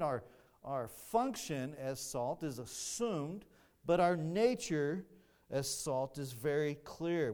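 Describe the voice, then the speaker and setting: A slow-paced male pastor delivers a sermon in a deliberate, emphatic way. His voice sits a little higher than most men's. He often circles back and restarts his phrases as he builds a point. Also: darkish tone.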